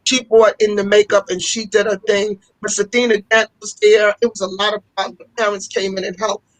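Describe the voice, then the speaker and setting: A woman speaks as a guest on a talk segment, telling long stories with passion and repeating words to drive them home. Her voice sits at a middle pitch. The sound is dry and close, with no room echo. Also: little pitch movement, moderate pace. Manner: passionate storytelling with repetitions. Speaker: fashion school owner and guest. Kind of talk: casual interview talk.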